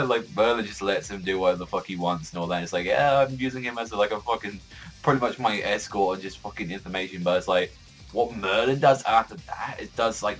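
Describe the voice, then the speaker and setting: A man with a lowish voice talks through a manga chapter in a loose, unscripted vlog. He rambles, leans heavily on "like" as a filler, and swears freely as he goes. Faint music plays underneath. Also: a bit bright, rough recording. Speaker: anime and manga reviewer. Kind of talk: casual review vlog.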